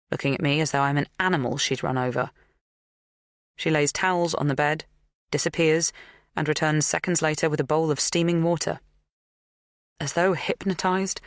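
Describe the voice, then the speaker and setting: A woman narrating a first-person psychological thriller in a measured, tense, intimate way. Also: low-pitched, no room sound, clean studio sound. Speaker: audiobook narrator.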